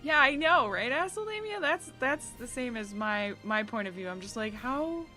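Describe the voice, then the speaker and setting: A woman's voice: fairly high pitch, animated, moderate pace, pushed and bright. A woman from the United States chatting casually with viewers on a live stream, bubbly and giggly as she reads chat aloud and riffs on it. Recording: faint game music behind.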